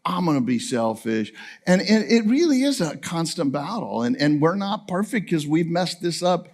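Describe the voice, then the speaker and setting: Older man, animated, joking, high lively voice, couple's talk to an audience. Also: normal speed. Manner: animated, joking, teasing his wife. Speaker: family camp speaker.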